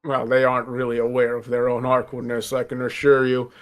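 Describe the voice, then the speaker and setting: A man's voice: medium pitch, completely flat delivery, a little fast, soft background music, close to an everyday voice. A man playing a polite, weary young nobleman. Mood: dry. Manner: polite, dry, a little formal. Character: reserved young nobleman, weary of high society.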